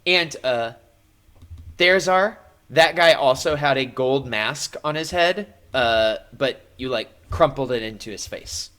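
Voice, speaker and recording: Slow, bright-voiced male game master. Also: mid-range voice. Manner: playful, jokey narration with fillers. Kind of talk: narrating a live-streamed tabletop game.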